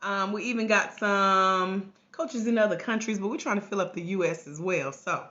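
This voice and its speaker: A woman hosting a casual livestream from home, hoarse with a cracking voice, chatting and greeting viewers by name through a tablet mic. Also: mid-range voice, moderate pace, bright, forceful tone. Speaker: life coach trainer hosting a livestream. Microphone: tablet microphone. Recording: grainy lo-fi livestream audio.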